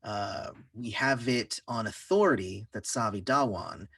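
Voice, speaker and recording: A man game master voicing a calm, polite female federal agent, speaking in a measured way. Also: very deep voice, gravelly, slightly rough, no echo, clean studio sound, far from the mic, exaggerated voice.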